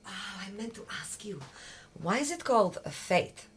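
An actress playing a firm, dry-witted fruit picker who speaks English as a second language, in a radio drama. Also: female voice, medium pitch, expressive, normal speed, slight background noise, natural voice. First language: not English. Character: self-assured foreign fruit picker woman, dry wit.

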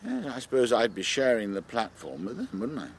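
An actor playing a dry, evasive older husband in a radio drama. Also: male voice, mid-range voice, huge pitch swings, fairly quick, gravelly, a little hiss or hum. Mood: wry. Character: wry older husband dodging social duties.

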